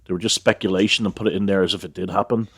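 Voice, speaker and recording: A man's voice: low-pitched, steady tone, very fast, vocal fry, fairly bright tone, dry recording, clean studio sound. A man co-hosting a podcast, giving matter-of-fact opinions on a TV series in casual chat. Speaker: podcast co-host. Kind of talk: casual chat about TV shows.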